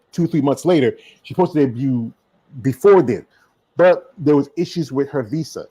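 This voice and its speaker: A man's voice: mid-range voice, warm tone, poor audio. A man with a Southern US accent hosting a podcast in casual chat, rambling with many fillers and restarts. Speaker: podcast host.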